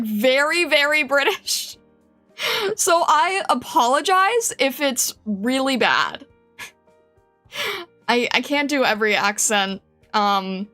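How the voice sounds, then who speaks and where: A woman's voice: on the high side, sharp tone. A woman streamer chatting casually with her viewers, giggling often and rambling with many restarts. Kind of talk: casual live-stream chat.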